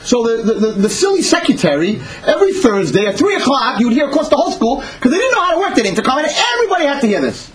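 Animated man teaching a Torah class. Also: very high-pitched, racing, hardly any pauses, poor audio. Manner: animated storytelling, swings between loud and hushed.

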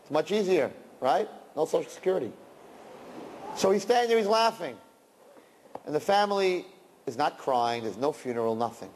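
A man preaching a sermon and telling a story, animated and breaking into loud outbursts. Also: a little high, moderate pace, pauses often, big-room sound, slight background noise.

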